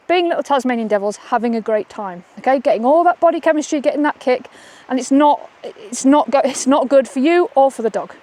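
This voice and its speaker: Upbeat female dog trainer, slightly high voice, filmed outdoors on a walk. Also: darkish tone, no room sound. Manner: chatty, upbeat, keeps asking "okay?". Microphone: camera she holds while walking.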